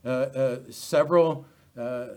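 A man preaching an expository Bible sermon, animated and full of rhetorical questions. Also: mid-range voice, a little slow. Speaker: pastor.

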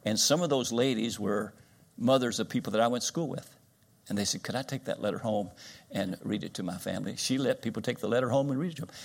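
Older Kentucky preacher telling stories. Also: male voice, medium pitch, creaky. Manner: folksy storytelling, plain-spoken. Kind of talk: sermon.

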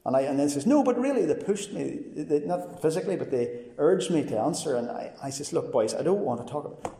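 A man's voice: a little high, fairly quick, creaky, warm tone. A man giving a personal testimony sermon, telling his story earnestly and acting out what others said to him. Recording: reverberant hall.

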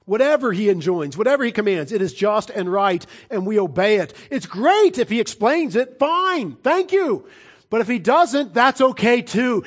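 A middle-aged man delivers a sermon in a notably high voice. He is emphatic and insistent, swinging from ringing declarations down to quiet, low, earnest lines. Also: lively intonation, normal speed. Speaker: preacher.

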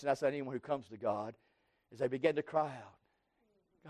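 A man preaching a sermon, folksy and repetitive, swinging from low asides to loud, pleading cries. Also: moderate pace, long pauses, no room sound. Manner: folksy, repeats key words. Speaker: pastor.

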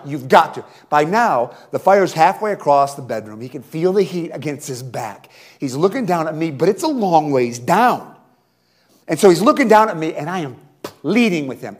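A male pastor preaching a revival sermon, swinging from loud pleading to hushed, slow emphasis. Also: on the high side, sing-song.

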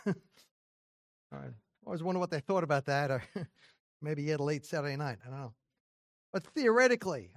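A man, a pastor, preaching a sermon in a church during a service, teaching in a conversational way with asides and small laughs. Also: on the high side.

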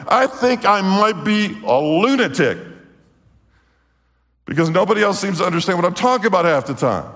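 A male preacher giving a sermon, animated and fervent, swinging from hushed storytelling to exclamations. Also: high voice, normal speed. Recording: long hall reverb.

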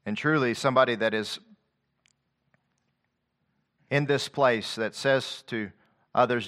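A man preaching a sermon, quoting scripture in a rhythmic cadence and swinging from quiet low passages to loud, rising declamation. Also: normal speed.

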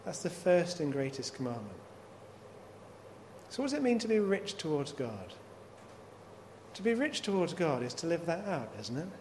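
Preaching a sermon, a man with a high-sitting, darkish voice works through scripture, returning again and again to rhetorical questions. A long hall reverb and faint noise surround him.

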